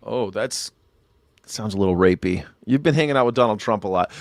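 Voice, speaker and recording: Male host, sarcastic and crude, lively swinging pitch, dry close sound. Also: a little fast, creaky, no room sound. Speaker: host of a live news reaction show. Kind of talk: live news reaction commentary.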